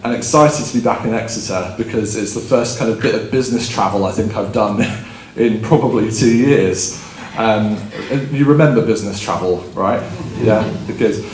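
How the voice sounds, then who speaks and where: A man in his thirties tells a story on stage at a conference keynote. He is chatty and self-deprecating, with plenty of ums, and laughs at his own tale. His voice carries through a roomy hall with a faint hum of ambience behind it. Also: mid-range voice. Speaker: keynote speaker.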